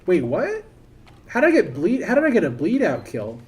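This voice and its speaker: A man's voice: sits high, huge pitch swings, normal speed, a little mellow. A man streaming a game, chatting casually and thinking aloud in a rambling, self-interrupting way. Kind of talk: casual live-stream commentary.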